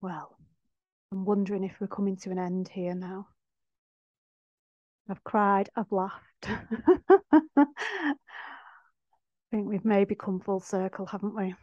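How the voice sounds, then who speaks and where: A woman hosting a podcast, talking in a heartfelt, soft-spoken way and laughing often. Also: mid-range voice, level tone, normal speed, no room sound. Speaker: podcast host. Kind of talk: reflective spiritual monologue. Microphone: no microphone. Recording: dull dry sound, no microphone.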